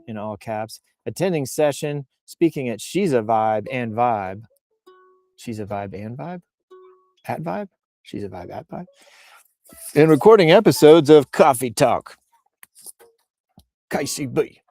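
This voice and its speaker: A man's voice: medium pitch, animated, a little slow, long pauses, warm tone, no room sound. A man hosting a casual livestream outdoors, joking and riffing as he reads posts and comments aloud. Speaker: livestream host reading posts. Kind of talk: casual live-stream chat. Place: outdoors on a bluff.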